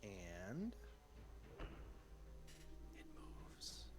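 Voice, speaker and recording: A man's voice: low voice, huge pitch swings, very slow. Dude dm guy, bouncy voice, hyping up his players. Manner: upbeat, encouraging, calls players "dude". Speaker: dungeon master. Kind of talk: running a livestreamed tabletop game.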